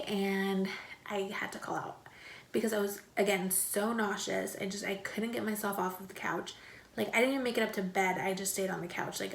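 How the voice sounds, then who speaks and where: A woman's voice: medium pitch, creaky. Chatty young woman vlogger, echoey room. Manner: chatty, many fillers and "like". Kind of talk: casual personal storytelling to camera.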